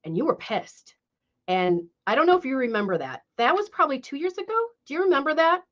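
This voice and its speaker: A woman's voice: sits high, very animated, fast. A woman hosting a live stream, chatting casually and hesitantly with many fillers. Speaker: livestream host. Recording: muffled lo-fi stream audio.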